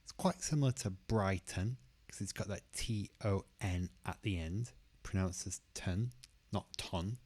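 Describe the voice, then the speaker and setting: A man teaching English pronunciation, who says each word slowly and carefully and repeats it twice. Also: deep voice, darkish tone, breathy edge. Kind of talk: pronunciation lesson.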